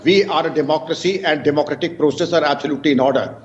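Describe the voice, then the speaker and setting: A man's voice: fairly high pitch, very fast, lo-fi sound, slight background noise. A man, a retired police chief speaking emphatically and indignantly as a guest in a live TV debate.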